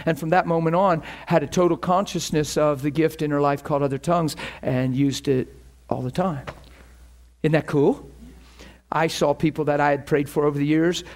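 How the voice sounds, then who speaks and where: A man preaching a sermon, telling stories with animation and acting out the voices of the people in them. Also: a little high. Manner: animated storytelling, acts out quoted voices. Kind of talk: sermon storytelling.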